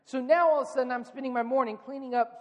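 A male pastor in his thirties preaching a sermon in a relaxed, conversational storytelling manner, acting out quoted lines. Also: very high-pitched, quick pace, in a large hall, lo-fi sound.

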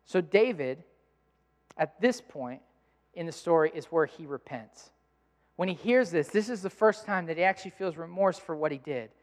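High-voiced man preaching in a reverberant hall. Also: lively intonation, moderate pace. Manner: emphatic preaching that builds to loud intensity. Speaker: pastor. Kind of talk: sermon. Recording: long reverb in a large hall.

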